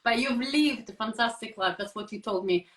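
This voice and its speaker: A woman's voice: fairly high pitch, normal speed, fairly bright tone. A woman interviewing a guest in casual chat, teasing him and steering him back to her questions.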